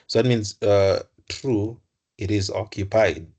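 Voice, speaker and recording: Lowish man thinking aloud while teaching. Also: steady tone, slow pace, darkish tone, slightly rough. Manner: thinks aloud, self-correcting, repeats words. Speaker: computer science tutor. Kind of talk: live coding lesson.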